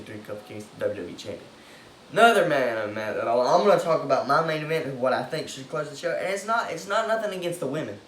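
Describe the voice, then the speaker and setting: Excitable man ranting in an echoey room. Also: mid-range voice, a little hiss or hum. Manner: excitable, swears, bursts into loud outbursts. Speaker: wrestling commentator giving predictions. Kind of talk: casual opinionated monologue. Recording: echoey room with faint ambience.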